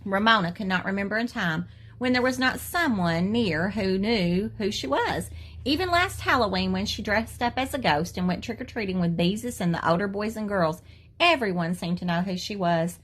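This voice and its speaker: A woman teacher reading a children's book aloud to her students, gentle and animated. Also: mid-range voice, normal speed.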